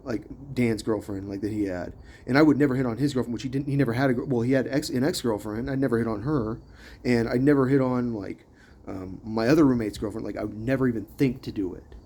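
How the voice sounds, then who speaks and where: Rambling young man, mellow voice. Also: fast talker. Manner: hesitant, full of likes and ums, restarts; grows louder and higher when agitated. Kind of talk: rambling personal monologue.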